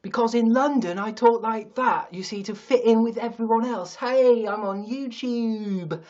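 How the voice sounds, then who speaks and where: A man putting on a chirpy young male London YouTuber with upbeat, drawn-out presenter patter. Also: extremely high pitch, steady tone, darkish tone, muffled recording, pitched above the performer's own voice.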